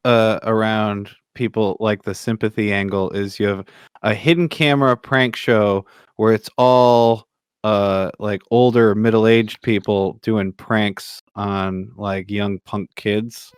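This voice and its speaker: Low, smooth-voiced deadpan man. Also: slow pace, no room sound, studio quality. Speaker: podcast co-host. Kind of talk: casual chat.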